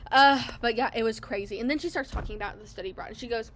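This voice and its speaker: A woman's voice: on the high side, quick pace, a little hiss or hum. A young woman hosting a podcast, telling a story in casual chat, acting out what other people said. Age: young adult. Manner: animated, acts out other people's lines in quotes. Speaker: podcast host. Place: public place.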